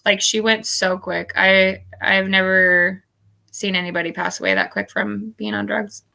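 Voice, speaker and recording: A woman being read by a medium, answering in a hesitant, halting way. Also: mid-range voice, gravelly, bright, forceful tone. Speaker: client at a reading. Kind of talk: casual conversation.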